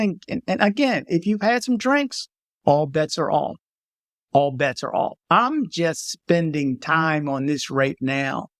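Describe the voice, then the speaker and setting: Man, casual vlog monologue, emphatic warnings, slightly high voice, dry close mic. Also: no room sound. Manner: emphatic, repeats warnings, animated asides. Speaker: travel vlogger.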